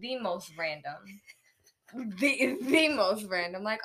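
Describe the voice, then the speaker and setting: A woman's voice: medium pitch, animated, slow pace, fairly bright tone. A woman co-hosting a podcast, talking in an earnest, encouraging way and laughing easily. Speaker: podcast co-host. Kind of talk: casual podcast chat.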